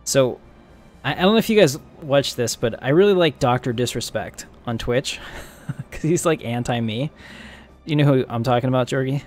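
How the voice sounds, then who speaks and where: A man's voice: mid-range voice, normal speed, soft background music. Chatty, joking male game streamer. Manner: chatty, joking, laughs often, thinks aloud. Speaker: live-stream gamer. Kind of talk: casual live-stream commentary.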